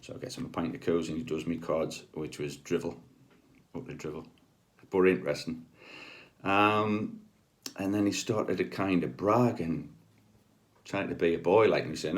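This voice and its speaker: A man's voice: deep voice, fairly even intonation, normal speed, long pauses. A middle-aged man, a healer telling personal stories in a chatty, rambling way with many ums and asides. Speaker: spiritual healer. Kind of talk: casual anecdotal storytelling.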